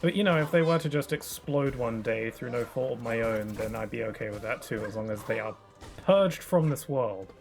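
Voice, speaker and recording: A man's voice: mid-range voice, fairly even intonation, a little fast, few pauses. A man giving live commentary while streaming a game, joking and griping in a mock-dramatic, self-mocking way. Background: game music.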